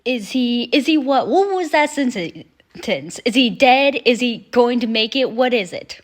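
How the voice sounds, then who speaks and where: A woman hosting a reaction video in casual, chatty commentary, swearing freely and quoting characters in quick asides. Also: fairly high pitch, lively intonation, background noise.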